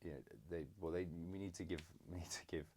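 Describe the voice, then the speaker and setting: A young man from England in a casual podcast chat with his father, halting and full of fillers. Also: low-pitched, steady tone, slight background noise. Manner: hesitant, many fillers and restarts, warm teasing. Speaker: podcast co-host, son. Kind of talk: casual conversation.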